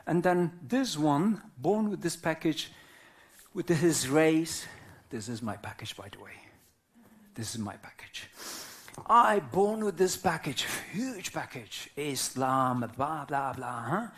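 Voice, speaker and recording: A man's voice: fairly high pitch, expressive, a bit bright. A man in his fifties from Turkey, a native Arabic speaker, giving a reflective live talk as a whirling dance teacher in simple non-native English, often checking in with listeners. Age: 50s. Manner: slow, philosophical, checks in with listeners.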